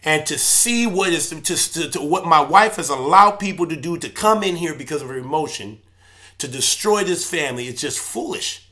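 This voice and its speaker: A man talks in an impassioned personal video, pitched a little high, his voice forceful and tense. He preaches, swinging between loud outbursts and quieter, subdued stretches. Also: lively intonation, moderate pace. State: emotional. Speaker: church elder vlogger. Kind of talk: emotional personal video monologue.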